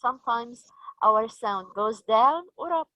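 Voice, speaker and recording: A woman with an Egyptian accent leading a teacher training session, slow and patient, asking the group questions. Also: a little high, animated, no echo, highs cut off.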